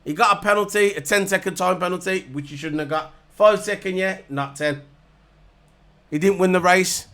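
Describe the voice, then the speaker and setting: A man, voice pitched high and bright, launches into a casual rant to camera. He sounds heated and mocking, hammering the same points again and again. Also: moderate pace. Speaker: vlogger reviewing races. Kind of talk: ranting casual monologue to camera.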